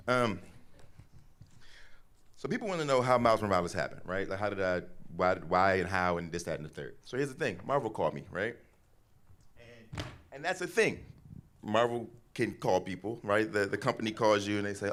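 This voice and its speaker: Fast-talking man telling stories on stage. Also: lowish voice. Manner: casual, animated, acts out quoted voices. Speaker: guest author speaker. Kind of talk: storytelling talk on stage.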